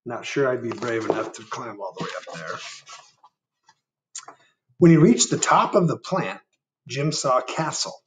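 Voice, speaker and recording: A man, a first grade teacher, reading a picture book aloud and chatting gently with children, asking them questions as he goes. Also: medium pitch, expressive, a little slow, long pauses, far from the mic, a little hiss or hum. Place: indoor room.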